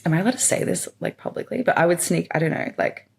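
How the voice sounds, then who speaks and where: A woman's voice: lowish voice, fairly even intonation, fast talker. A young woman podcast host candidly telling her life story in a rambling, open way, full of fillers. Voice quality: gravelly. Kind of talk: personal storytelling monologue.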